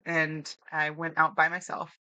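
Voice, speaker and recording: Young woman, bright voice, dry close mic, chatty storytelling w lots of laughs. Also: sits low, measured pace, no room sound. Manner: animated storyteller, acts out quotes, laughs often. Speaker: podcast guest, new hunter. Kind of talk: casual storytelling interview.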